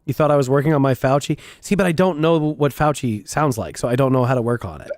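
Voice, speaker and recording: A man chatting while gaming, animated and joking, with crude humor. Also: medium pitch, fast, no room sound, studio quality. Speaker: gamer. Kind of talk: casual chat while gaming.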